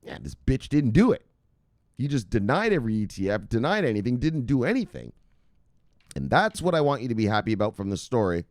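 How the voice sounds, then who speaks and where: A man's voice: medium pitch, big pitch swings, a little fast, darkish tone, no room sound, studio quality. A man hosting casual crypto news commentary, reading headlines aloud and rambling off into laughing, profane asides.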